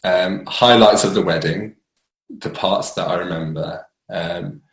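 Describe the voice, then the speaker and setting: Deep-voiced young man, frank and rambling. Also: fairly even intonation, measured pace, gravelly, roomy sound, poor audio. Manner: rambling, frank, many fillers and restarts, laughs at himself. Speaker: storyteller sharing his recovery story. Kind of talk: candid personal monologue.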